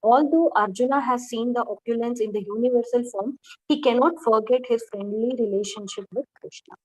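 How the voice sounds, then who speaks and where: A woman reading a scripture commentary aloud in a class, steady and even, with brief asides. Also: a little high, a little fast, poor audio.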